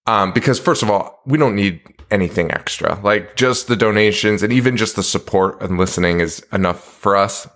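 A man with a somewhat low voice co-hosts a podcast in loose, casual chat. He talks in a laid-back way, laughs a lot and swears freely while telling stories to his co-host. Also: moderate pace, few pauses, fairly bright tone.

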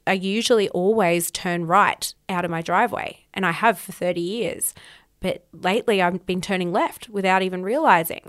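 A woman's voice: on the low side, a bit bright. A woman podcast host telling a personal story in an emphatic, candid way, swearing freely.

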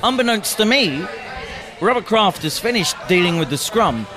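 A man hosts a loose podcast chat and tells his stories with energy, acting out what people said to him. His voice sits a little high for a man. Loud crowd chatter from a busy pub fills the background. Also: normal speed. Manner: animated storyteller, acts out quotes. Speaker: podcast host.

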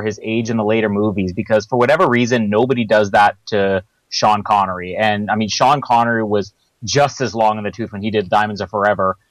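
Podcast cohost dude, lowish voice, earnest, dry mic. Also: male voice, no room sound, poor audio. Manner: earnest, argumentative. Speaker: podcast co-host. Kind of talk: casual chat.

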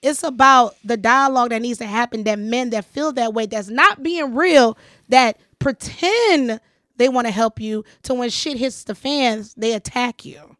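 A high-voiced woman hosting a casual podcast chat. She tells a personal story in a lively way and acts out the lines of others. The sound is dry and close. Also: a little slow, no echo. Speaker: podcast host.

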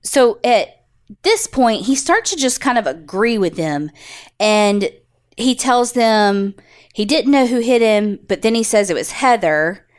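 A woman's voice: on the high side, big pitch swings, unhurried. Casual swearing woman podcast host. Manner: casual, swears freely, acts out quotes. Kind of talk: casual storytelling.

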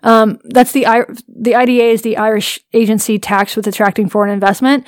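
Woman podcast cohost telling a story, dry humor, kinda high voice, dry close sound. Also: steady tone, fairly quick, no echo. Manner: wry, storytelling, laughs often. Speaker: podcast co-host. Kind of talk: casual chat.

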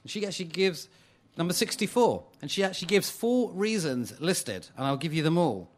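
A man's voice: a little high, lively intonation, fairly quick. A man giving a playful, chuckling talk to a live audience in a hall.

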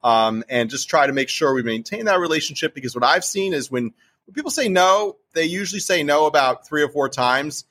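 A man's voice: a little high, lively intonation, brisk, sharp tone. A man with a New Jersey accent, speaking as a guest in a casual interview and talking animatedly and emphatically about investing. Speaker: real estate investor guest.

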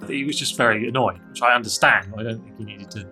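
A man's voice: on the low side, fast talker, sharp tone, soft background music. A man telling a candid, self-critical personal story in an interview, with frequent restarts.

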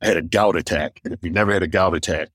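Comedian guy from michigan, real low voice, dry close mic, acts out the other people in his stories. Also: rapid-fire, no echo. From Michigan, USA. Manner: animated anecdotes, acting out others' lines; deaf in one ear. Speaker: stand-up comedian, guest. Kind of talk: storytelling in a podcast interview.

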